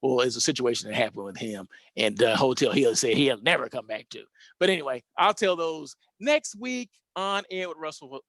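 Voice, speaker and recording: Chatty male host, higher-pitched, dry sound. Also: fairly bright tone, dry recording. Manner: rambling, self-correcting, chatty. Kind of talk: casual storytelling monologue.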